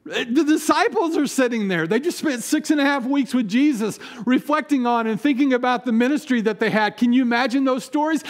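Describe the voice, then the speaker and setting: A man preaching a sermon as pastor, telling stories and acting out biblical figures in a lively way. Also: very high voice, a little fast, few pauses. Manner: animated storytelling, acts out biblical figures with rising energy.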